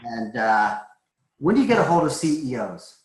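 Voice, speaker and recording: A man's voice: medium pitch, very animated, moderate pace, reverberant, rough recording. A man from Massachusetts coaching recruiters in a casual webinar, chatty and joking, with a schmoozing manner. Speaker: recruiting trainer.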